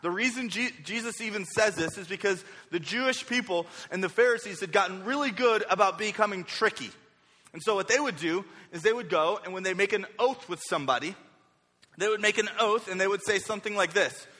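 A young man preaching a sermon, lively, slipping into the voices of the people he quotes. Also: sits high, brisk. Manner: energetic, acts out quoted speakers with varying voices. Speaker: pastor. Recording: reverberant hall.

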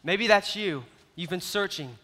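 A man delivers a sermon in a high, bright voice, telling stories with animated swings between loud and soft. His voice carries the long reverb of a large hall. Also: measured pace. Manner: animated storytelling with big swings in loudness. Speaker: youth pastor.

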